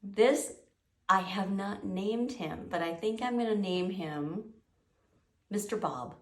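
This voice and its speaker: A woman giving a lively, playful wildlife lesson to a classroom. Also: medium pitch, takes it slowly. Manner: animated, playful, teasing. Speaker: wildlife educator. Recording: echoey room, mic at a distance.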